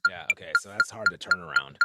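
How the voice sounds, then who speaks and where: A man leading an online drum lesson, counting bars out loud and stopping to correct himself when he slips. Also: low-pitched, huge pitch swings, fast, loud music behind the voice. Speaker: drum teacher leading a group warm-up. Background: drumming.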